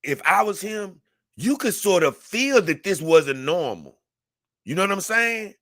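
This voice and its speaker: A man's voice: high voice, big pitch swings, a little slow, a bit bright, dry recording, studio quality. A man, talking casually to camera and telling a story earnestly, rambling with many restarts. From Memphis, Tennessee. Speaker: vlogger.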